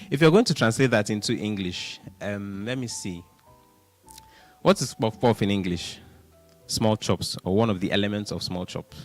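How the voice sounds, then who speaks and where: A man hosting a radio show, talking casually and with animation, counting things out loud and laughing now and then. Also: on the low side, moderate pace, faint music behind. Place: radio studio.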